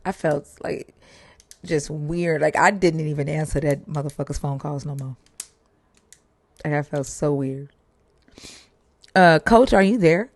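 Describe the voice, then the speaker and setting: A woman hosting a livestream, chatting casually and telling stories in an animated way, swearing freely. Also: deep voice, measured pace, pauses often, no room sound. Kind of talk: casual chat.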